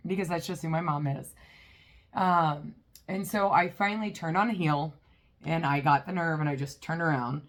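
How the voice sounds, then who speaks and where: Low-voiced woman telling a story. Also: normal speed. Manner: chatty, rambling with many fillers. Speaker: vlogger. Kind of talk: casual storytelling.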